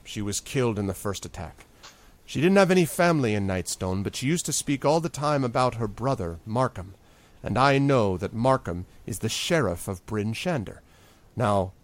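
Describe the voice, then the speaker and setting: A man's voice: fairly low pitch, lively intonation, normal speed, close to an everyday voice. A man voicing a weary, earnest male innkeeper who was made mayor in a tabletop game.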